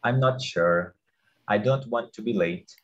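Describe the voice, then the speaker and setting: A man's voice: fairly low pitch, unhurried, lo-fi sound, close to an everyday voice. A man reading the part of a friendly young man in a hurry, hesitant and careful, in a classroom role-play. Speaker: student reading a dialogue.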